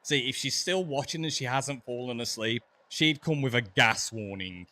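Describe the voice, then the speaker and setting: Bright-voiced chatty English man, Black Country accent. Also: mid-range voice, moderate pace. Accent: Black Country English, softened. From English West Midlands. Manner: chatty, laughs often, stumbles over words. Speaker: streamer. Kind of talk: casual chat while gaming.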